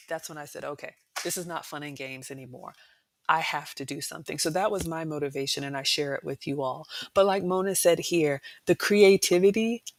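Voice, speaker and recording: A woman's voice: low-pitched, no room sound. A middle-aged woman hosting a cooking channel livestream, chatting casually and repeating words for emphasis.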